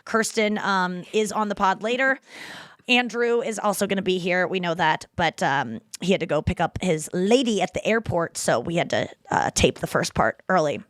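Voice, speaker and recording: A woman hosting a podcast in casual chat, telling stories with lively acted-out voices. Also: on the low side, normal speed, no echo, studio quality. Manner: animated storytelling, acts out voices. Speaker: podcast host.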